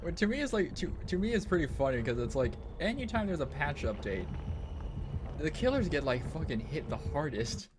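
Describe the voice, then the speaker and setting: A man's voice: on the high side, big pitch swings, a little fast, noisy background. Male streamer, offhand chat while playing, swears a lot and circles back on himself. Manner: rambling and profane, full of "it's like". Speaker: gaming streamer. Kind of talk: casual gaming stream chat.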